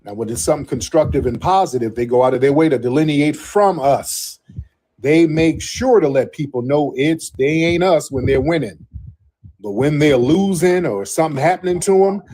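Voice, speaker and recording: A man's voice: on the high side, animated, dark tone, a little hiss or hum, low-quality recording. Sarcastic male call-in host. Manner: mocking, sarcastic, drawn-out put-downs. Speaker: host taking callers. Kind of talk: live call-in talk show.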